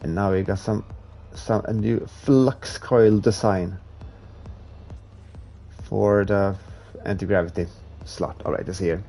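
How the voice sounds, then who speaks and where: A man with a hard-to-place accent chatting casually with viewers while streaming a racing game, talking in a relaxed, halting way. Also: on the low side, gravelly, faint music behind. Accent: hard-to-place non-native English accent. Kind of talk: casual live-stream commentary.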